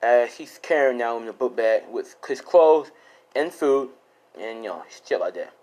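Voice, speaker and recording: A man's voice: medium pitch, expressive, moderate pace, a little mellow, rough recording. A young man improvising a fan-fiction story in a loose, rambling, casual way with lots of fillers and swearing.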